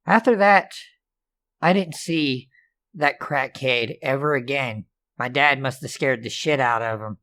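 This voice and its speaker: Man, storyteller, mid-pitched voice, casual, profane, sarcastic. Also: a little slow, pushed and bright. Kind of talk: reading true scary stories.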